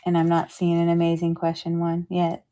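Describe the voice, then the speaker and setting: A woman's voice: on the low side, completely flat delivery, normal speed, dark tone. A woman hosting a live jewelry sale in casual, rambling chat, thinking aloud as she shows each piece.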